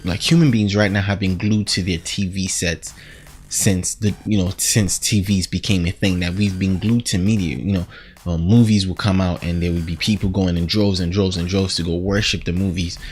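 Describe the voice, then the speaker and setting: A man giving a casual, animated TV episode recap, rambling and acting out quotes as he goes. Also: low voice, moderate pace, a little hiss or hum. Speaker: show reviewer.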